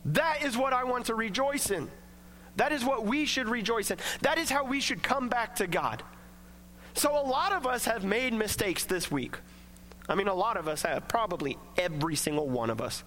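A male preacher with a very high, bright voice. He talks in a loose, conversational manner and keeps slipping into quick acted-out voices for the people in his stories. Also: expressive, a little hiss or hum. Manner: casual, conversational preaching that acts out quoted speech. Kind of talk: sermon.

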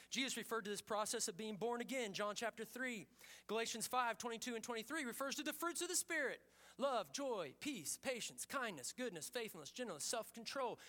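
A man preaching a sermon with passion, rising to urgent peaks and dropping to hushed, quiet stretches. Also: high voice, animated, normal speed. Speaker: pastor.

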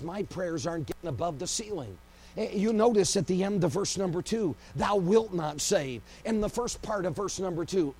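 A man preaching a sermon with passion, swinging from loud pleading to low, hushed lines. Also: slightly rough.

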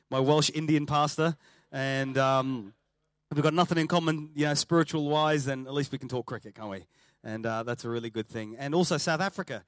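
A man's voice: a little high, no echo. A man with an Australian accent, a guest preacher opening a sermon in a church with teasing jokes and a chatty, filler-laden delivery. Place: church hall with a congregation.

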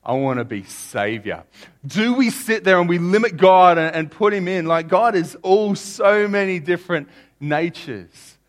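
Male pastor, fairly high voice, casual sermon delivery with frequent restarts. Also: measured pace. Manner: conversational, repeats phrases, stammers restarts.

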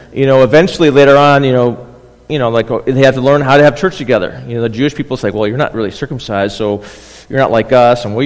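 A man preaching a conversational sermon as pastor, often checking in with listeners and restarting phrases. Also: medium pitch. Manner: restarts and repeats words. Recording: long hall reverb.

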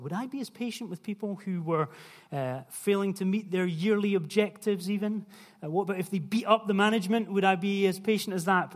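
A young man preaching a sermon in a conversational way, putting questions to the listeners. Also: high voice. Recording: long hall reverb.

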